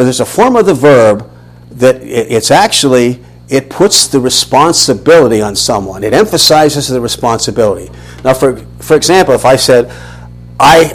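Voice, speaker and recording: A man's voice: mid-range voice, slightly rough, poor audio. A man, teaching a Bible lesson as a sermon, questioning and restarting often. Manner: animated, questioning, many restarts.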